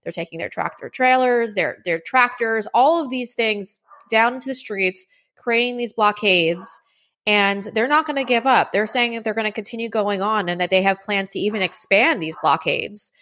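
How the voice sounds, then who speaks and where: A woman hosting a news commentary show, presenting stories and interviewing a guest in a brisk, direct manner. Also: mid-range voice, fairly bright tone. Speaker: show host.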